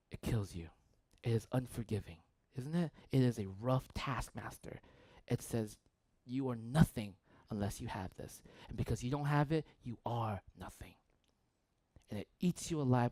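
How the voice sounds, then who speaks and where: With a medium-pitched voice and no echo on the recording, a man preaches as a pastor, telling a story in a chatty way. He keeps asking "right?" and alternates loud bursts with near-whispers.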